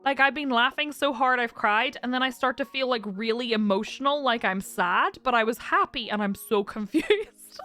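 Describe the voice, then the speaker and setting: A woman talks casually to her live-stream chat, close to tears and laughing often. Her voice sits high and sounds bright and forceful. Soft music plays faintly behind her. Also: moderate pace, hardly any pauses. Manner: emotional, laughs often, reads chat aloud. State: teary, close to crying.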